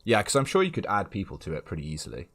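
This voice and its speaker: A man's voice: low-pitched, huge pitch swings, rapid-fire, fairly bright tone. A man hosting a casual game stream, chatting, laughing often and reading choices aloud.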